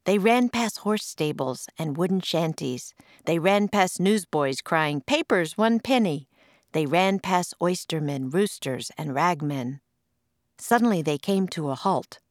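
A woman's voice: low-pitched, unhurried, no room sound. Woman reading a storybook, dry and close. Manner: expressive, puts on voices for quoted lines. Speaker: author and narrator. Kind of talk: storybook read-aloud.

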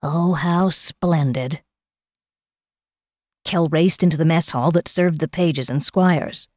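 A woman narrating an audiobook in a measured storytelling manner. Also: sits low, a little mellow, no echo, studio quality. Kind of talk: scripted narration.

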